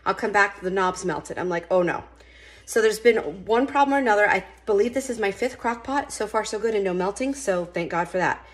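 A woman's voice: mid-range voice, expressive, brisk, few pauses. Chatty woman in her kitchen. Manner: chatty, folksy, talks straight to viewers. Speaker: home cooking vlogger. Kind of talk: casual cooking demonstration. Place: home kitchen.

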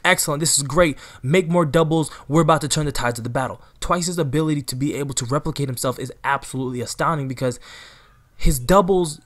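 Talking directly to his audience, a man hosting an anime recap channel gives casual commentary, frequently tossing in "right?" and "you know." He has a mid-range, fairly bright voice.

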